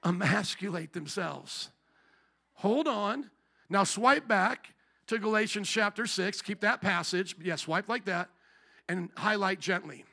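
A man's voice: sits high, unhurried, creaky, sharp tone. A man preaching a sermon as pastor, putting emphatic rhetorical questions to his congregation.

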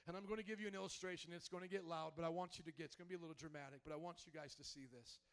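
A man in his thirties preaching a sermon in church, swinging from soft, choked-up storytelling to loud, shouted exhortation. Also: steady tone, very fast, smooth. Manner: preaching with big emotional swings, shouting high when fired up. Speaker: pastor. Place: church sanctuary.

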